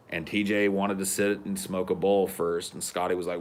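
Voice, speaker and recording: A man in his thirties telling a wild story as a podcast co-host in casual chat, cursing freely and acting out the quotes loudly. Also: low voice, moderate pace, few pauses. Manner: animated, swearing, acts out quotes loudly.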